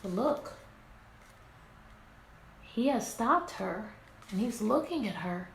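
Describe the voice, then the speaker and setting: A woman teacher reading a picture book aloud to her class, animated and asking many questions. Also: mid-range voice, slow pace, creaky. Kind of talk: interactive read-aloud lesson. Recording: echoey room, faint background noise.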